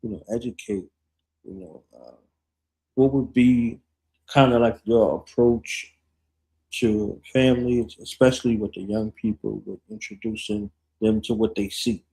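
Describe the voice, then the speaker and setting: A man's voice: on the low side, steady tone, measured pace, warm tone, husky, rough recording. A man hosting a radio show, asking a rambling question full of fillers. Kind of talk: interview question.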